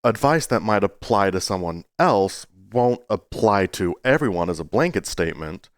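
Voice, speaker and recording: A man talking to his viewers in a casual, rambling way, earnest but playful, with sudden jumps into a high voice. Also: very animated, normal speed, no echo, studio quality. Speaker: YouTuber. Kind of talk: casual talking-to-camera monologue.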